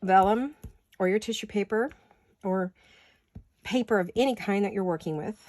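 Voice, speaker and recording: This craft vlogger speaks at medium pitch and a moderate pace, her tone a little mellow. Sounding tired and a bit out of breath, she chats loosely through a home craft tutorial, rambling and fumbling for words over a faint hiss or hum.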